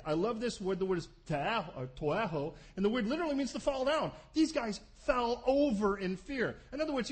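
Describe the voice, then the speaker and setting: A man preaching a sermon, animated, acting out scenes with voices. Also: sits high. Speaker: pastor.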